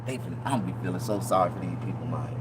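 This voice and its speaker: A man's voice: sits low, rapid-fire, noisy background. A middle-aged man from Mississippi with a Southern accent, rambling loosely and profanely to his viewers. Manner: loose, profane, animated, mock-preaching asides. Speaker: vlogger. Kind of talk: rambling casual monologue to viewers.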